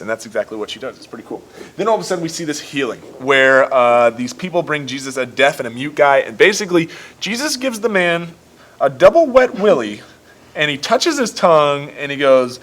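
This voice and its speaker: A young man hosting a casual livestream Bible study, retelling the stories in an excitable, jokey way with quick voiced asides. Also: fairly high pitch. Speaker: youth ministry host.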